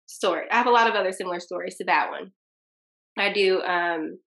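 A young woman from Tennessee, a county commissioner and interview guest, telling stories casually and acting out both sides of past conversations. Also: mid-range voice. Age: young adult. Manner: animated, acts out both sides of conversations in quoted voices.

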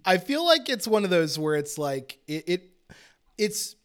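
A man co-hosting a podcast in casual chat, launching into excitable, laughing rants with plenty of swearing. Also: high voice, a little slow, smooth. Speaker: podcast co-host.

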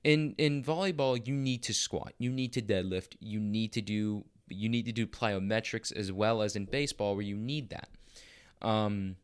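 A man's voice: fairly low pitch, clear, resonant tone. A young man hosting a podcast, talking in a crude, boastful, profanity-laced casual monologue. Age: young adult. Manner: bursts of fast, excited talk. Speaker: podcast host.

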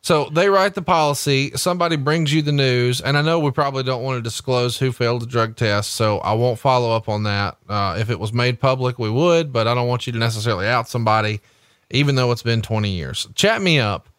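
A man's voice: mid-range voice, a little fast, fairly bright tone, clear, resonant tone, dry recording, clean studio sound. Male podcast host, mid-range voice, persistent questioner. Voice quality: pressing, conversational questioner. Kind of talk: interview questioning.

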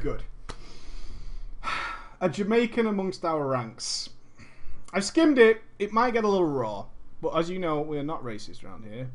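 A man's voice: sits high, fairly bright tone. A man streaming, reading a viewer's story aloud with crude, swearing, jokey asides.

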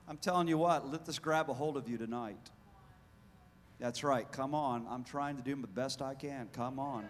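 A man preaching a fiery sermon in a church, swinging between hushed lines and loud shouting. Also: mid-range voice, a little slow, pauses often, big-room sound. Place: church hall.

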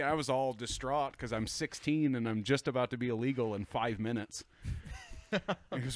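A man guest on a podcast telling stories casually, swearing often and acting out quoted lines loudly. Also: medium pitch, a little fast, no room sound. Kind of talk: casual storytelling.

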